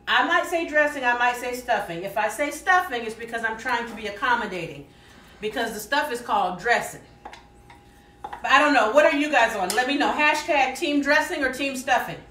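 A woman's voice: on the high side, sharp tone, a little hiss or hum. A woman with a Southern American accent hosting a live cooking stream, folksy and chatty, talking straight to her viewers and reading their comments aloud. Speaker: cooking show host. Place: home kitchen. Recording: roomy kitchen audio, mic set some distance away.

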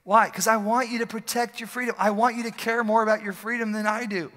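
A male pastor preaching an energetic, joking, conversational sermon in a church service, often repeating phrases for emphasis. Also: high voice, quick pace. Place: church sanctuary during a service. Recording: long hall reverb from a church.

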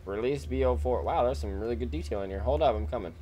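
A man's voice: mid-range voice, quick pace, dark tone, slight background noise. A man hosting a gaming channel, joking around and talking back to the characters as he plays. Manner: goofy, joking with game characters. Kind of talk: casual game commentary.

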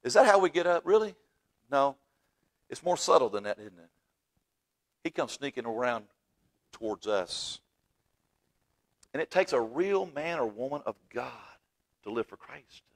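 A man preaching a fervent sermon in a church, swinging from loud exclaiming to hushed asides. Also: medium pitch, big pitch swings, unhurried, pauses often. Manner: fervent, swings from shouting to near-whisper. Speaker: pastor. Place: church sanctuary.

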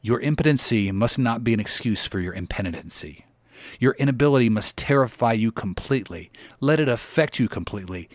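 A man reads an old sermon aloud with solemn, pleading emphasis, like a preacher from the pulpit. His voice sits at a medium pitch and is recorded very dry and close, with almost no room sound. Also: dry recording. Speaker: sermon reader. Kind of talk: dramatic reading of an old sermon.

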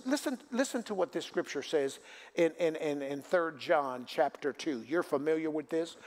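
A man's voice: a little high, a little mellow. A male pastor preaching a sermon, asking the congregation for responses and building to emphatic repeated declarations. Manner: preaching with call-and-response questions. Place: church sanctuary.

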